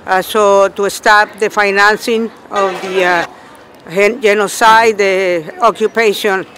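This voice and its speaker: High-voiced indignant man on the street. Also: steady tone, slow pace, a little hiss or hum. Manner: indignant, repeats himself, quotes himself loudly. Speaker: union member protester. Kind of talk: agitated street interview.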